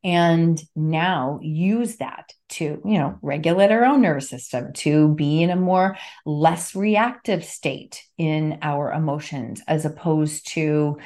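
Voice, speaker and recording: Casting: woman in her fifties, podcast guest, earnest, lowish voice. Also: slow pace, hardly any pauses, mellow. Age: 50s. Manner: earnest, repeats key phrases for emphasis. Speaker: podcast guest, NLP trainer and author. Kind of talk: casual interview conversation.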